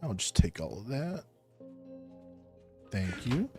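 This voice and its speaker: A man streaming a block-building game, chatting casually with his chat in a laid-back, rambling way and thinking aloud between pauses. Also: fairly low pitch, very animated. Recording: faint music underneath.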